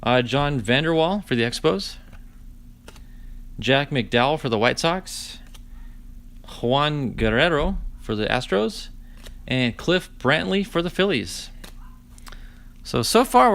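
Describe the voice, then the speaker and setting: A man in his forties, hosting a live card-opening stream, chatty and animated, telling stories with dry sarcasm and greeting viewers. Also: fairly high pitch, slow pace, gravelly, long pauses. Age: 40s. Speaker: host opening card packs.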